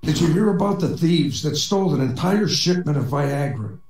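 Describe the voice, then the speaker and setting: Corny joke-telling man, lively pitch. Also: normal speed, roomy sound, recorded from a distance, slight background noise, poor audio. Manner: dry, corny joke delivery in a robot persona. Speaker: stand-up comedian. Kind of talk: joke-telling set in a voice chat.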